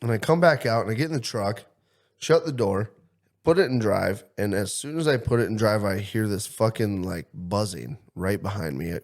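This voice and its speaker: A man co-hosting a podcast, telling a story in a profane, excitable way. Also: lowish voice, normal speed. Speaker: podcast co-host. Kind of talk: casual chat, storytelling.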